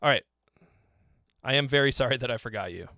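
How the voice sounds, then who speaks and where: Bright-voiced joking male stream host. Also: medium pitch, rapid-fire, no echo, clean studio sound. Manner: joking, profane, teasing. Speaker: host, songwriting critic. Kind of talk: live stream song critique.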